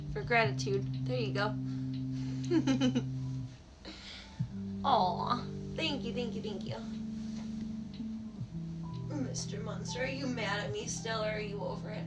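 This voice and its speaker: A woman live streaming from home on a phone held in her hand, cooing affectionately to her pets in casual baby talk, with loud music playing behind her. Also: on the high side, takes it slowly, pauses often, rough recording. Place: home, indoors.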